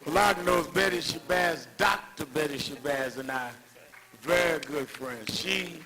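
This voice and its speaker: A man's voice: fairly high pitch, a little slow, creaky, noisy background. An older man giving a rousing tribute speech at an event, building emphatic, preacher-like cadences around anecdotes. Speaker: speaker at a civil rights tribute.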